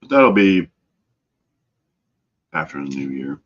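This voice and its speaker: A man's voice: a bass voice, big pitch swings, takes it slowly, slight background noise. A middle-aged man hosting a casual live stream, easygoing, answering viewers' messages by name. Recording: dull lo-fi stream audio.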